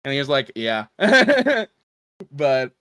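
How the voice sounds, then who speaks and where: A man's voice: medium pitch, very animated, takes it slowly, fairly bright tone, no room sound, studio quality. A man co-hosting a casual podcast, rambling through a story and laughing often. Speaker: podcast co-host. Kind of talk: casual chat.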